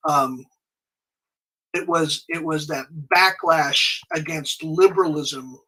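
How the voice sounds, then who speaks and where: A man guesting on a podcast who tells a story in a conversational way, animated and often restarting his sentences. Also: a little high, slow pace, poor audio. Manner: animated, frequent restarts and self-corrections.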